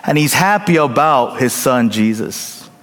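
Slow-preaching pastor in a reverberant hall. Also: male voice, mid-range voice, animated. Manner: emphatic, swings between loud peaks and hushed drops, checks in with the congregation. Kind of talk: sermon.

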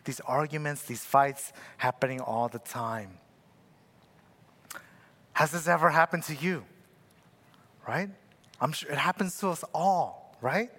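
Preaching in a relaxed, conversational style, a young man shares a personal story and repeatedly checks in with "right?". His voice is on the high side and fairly bright, unhurried with long pauses, and a long hall reverb trails behind it.

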